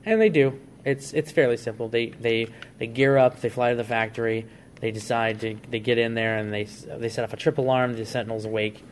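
A man's voice: medium pitch, fairly quick, slight background noise. A man co-hosting a casual podcast, eagerly walking through a story idea and acting out the characters' lines. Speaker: podcast co-host.

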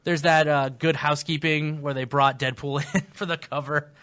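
A man's voice: fairly high pitch, fairly even intonation, moderate pace, fairly bright tone. A man hosting a casual group chat, telling stories animatedly and laughing often. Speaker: podcast host.

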